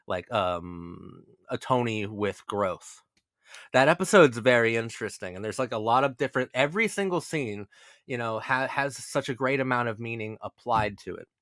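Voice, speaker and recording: A man of middle pitch talks through a casual video analysis with animated energy, restarting words as he stammers toward his point and swearing freely. The sound is close and dry, with no room behind him. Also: moderate pace, no room sound. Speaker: video essay host.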